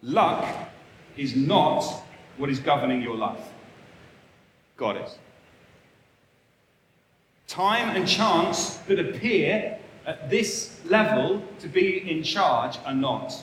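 A man's voice: fairly high pitch, expressive, slow pace, pauses often, a bit bright, a little hiss or hum. A man preaching a sermon, earnest and emphatic, repeating short phrases for weight. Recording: echoey hall, faint ambience.

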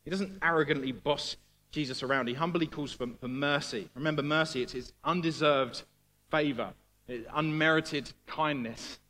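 A man's voice: a little high, moderate pace, bright, forceful tone, slight background noise. A man preaching a conversational sermon as a missionary, earnest, often repeating his first words and asking the room tag questions. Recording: long reverb of a large hall.

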